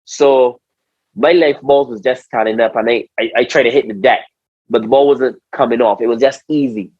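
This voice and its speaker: Speaking at a normal speed in a slightly rough, mid-range voice, a former cricketer with a Barbadian accent recounts stories in a casual interview. He's animated, repeats words, says "bro," and mimics other people's lines, all on dry, slightly dull podcast audio.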